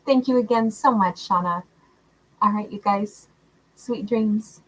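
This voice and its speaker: A woman's voice: medium pitch, unhurried, rough recording. Woman host chatting to her stream chat, sweet and affectionate, laughs a lot. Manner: warm, affectionate, calls viewers love and honey; laughs often. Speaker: tarot livestream host. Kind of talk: casual livestream chat reading out viewer comments.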